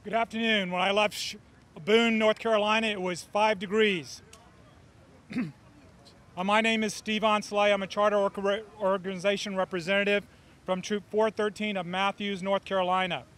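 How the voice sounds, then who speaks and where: A man's voice: sits high, flat delivery, moderate pace, a bit bright. A middle-aged man and scout volunteer giving an earnest, emphatic speech at an outdoor press conference.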